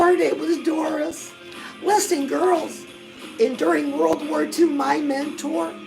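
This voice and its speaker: A woman with a high, gravelly voice plays a chirpy, pushy lifestyle guru in a comic monologue, gushing and chatting to the viewer and calling her "girl." Loud music runs under her voice, and the audio is poor.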